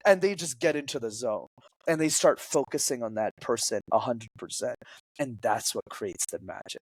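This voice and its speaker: Guesting on a podcast, a public speaking coach talks animatedly at a moderate pace in a slightly high voice, switching voices to act out quotes. There's no room sound.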